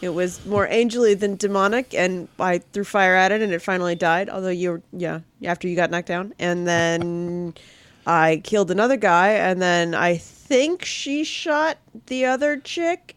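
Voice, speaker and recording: A woman's voice: lowish voice, moderate pace, no echo. A woman playing a tabletop role-playing game, speaking hesitantly with fillers and self-corrections. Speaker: player. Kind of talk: casual tabletop role-play.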